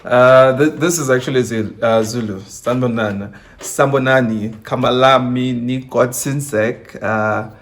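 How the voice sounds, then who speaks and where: A young man with a Nigerian accent, talking casually as an interview guest, laid-back and quick to laugh, dropping slang into his speech. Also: medium pitch.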